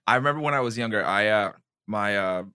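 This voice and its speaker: Bright-voiced young New man chatting. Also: fairly low pitch, a little fast, clear, resonant tone, no room sound, studio quality. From New York. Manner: animated storytelling, many "like" fillers, acts out quotes. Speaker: podcast co-host. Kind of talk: casual chat.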